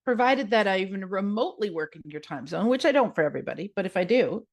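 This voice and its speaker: A woman's voice: mid-range voice, big pitch swings, quick pace, hardly any pauses, darkish tone. A woman with a Canadian accent hosting her own podcast in a chatty, upbeat way, reading listener comments aloud. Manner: chatty, upbeat, laughs easily. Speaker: podcast host and yoga teacher.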